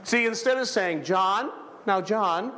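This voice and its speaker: Animated man preaching a sermon. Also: high voice, slow. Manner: animated preaching, acting out characters, calls for amen. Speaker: pastor. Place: church.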